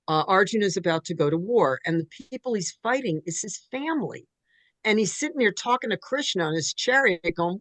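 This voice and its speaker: A woman talking in a rambling, animated way in a casual spiritual discussion. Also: medium pitch, brisk, no room sound.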